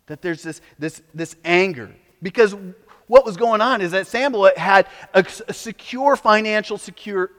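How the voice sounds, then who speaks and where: A man preaching a sermon as pastor, animated, sometimes mocking the voices of opponents. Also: high-pitched, in a large hall.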